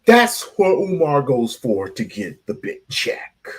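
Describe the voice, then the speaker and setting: A man's voice: a little high, wildly swooping pitch, takes it slowly, breathy edge. A man hosting a casual reaction show, blunt, profane and sarcastic. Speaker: show host.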